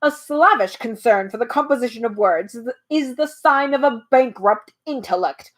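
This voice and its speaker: A woman voicing a pompous, boastful old male humbug bug in a storybook reading, speaking loudly and grandly. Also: fairly high pitch, animated, moderate pace, close to an everyday voice.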